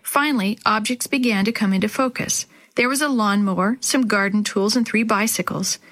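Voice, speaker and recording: A woman narrating a children's storybook in a measured, expressive reading. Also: mid-range voice.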